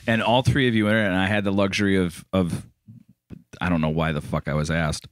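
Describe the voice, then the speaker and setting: A man's voice: low voice, fairly even intonation, a little fast, no room sound, studio quality. A man telling a story in a casual chat, rambling and self-deprecating, with some swearing.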